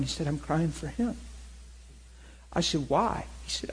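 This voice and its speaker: A man preaching to a crowd at a church meeting, telling a story in an animated way and acting out the voices in it. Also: a little high, fairly quick, husky, poor audio. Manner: animated, laughing, acts out voices in his story. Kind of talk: storytelling sermon.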